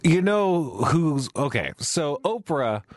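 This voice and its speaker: A man's voice: on the high side, slow pace, no echo, clean studio sound. A man hosting a casual podcast chat, joking and rambling as he tells stories. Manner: joking, rambling, animated storytelling.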